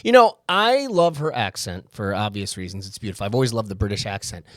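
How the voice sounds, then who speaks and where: A man co-hosting a podcast, chatting casually, animated and swearing as he tells stories. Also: fairly low pitch, fairly quick, dry recording. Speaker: podcast co-host. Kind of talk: casual chat.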